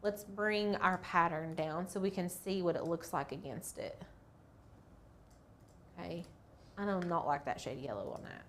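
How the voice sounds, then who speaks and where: A woman's voice: lowish voice, a little hiss or hum. Chatty woman teaching a craft tutorial. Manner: chatty, playful, thinks aloud. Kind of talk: casual screen-share tutorial.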